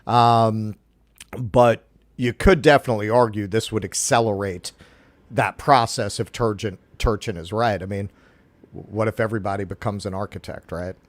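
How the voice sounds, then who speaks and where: A man's voice: fairly low pitch, fairly even intonation, moderate pace, dry recording. Dry-sounding man musing casually. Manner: thoughtful, anecdotal, does voices in stories. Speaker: co-host of a political stream. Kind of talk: casual political commentary and anecdote.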